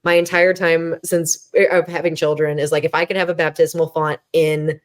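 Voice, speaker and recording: Candid low-voiced woman telling her story. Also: little pitch movement, normal speed. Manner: candid, self-deprecating, many fillers and restarts; acts out her own past thoughts in quoted voice. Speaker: podcast guest. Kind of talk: conversational storytelling.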